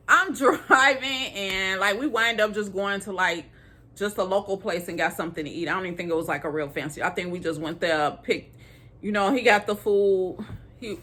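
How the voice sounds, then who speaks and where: A young adult woman from Illinois telling a dating story to her viewers in a casual, animated way, laughing often. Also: mid-range voice. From Illinois, USA.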